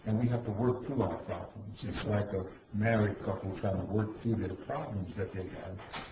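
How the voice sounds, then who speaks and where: Low calm man talking unity in an interview, dull echoey sound, noisy behind. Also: normal speed. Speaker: interview guest. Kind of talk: measured interview answers. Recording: dull echoey recording with noise.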